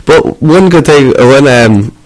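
A man chatting casually on a talk show, relaxed and hesitant. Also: medium pitch, a little slow, low-quality recording. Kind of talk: casual chat.

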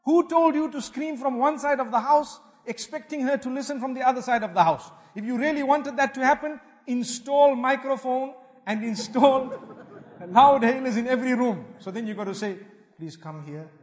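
A man giving a sermon as an Islamic preacher, animated and emphatic, weaving Arabic religious phrases into his English. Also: extremely high pitch, moderate pace. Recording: long hall reverb.

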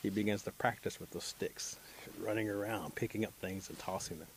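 A man telling a folktale aloud as a storyteller, animated and voicing each character. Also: on the low side, fairly quick, gravelly, a little hiss or hum.

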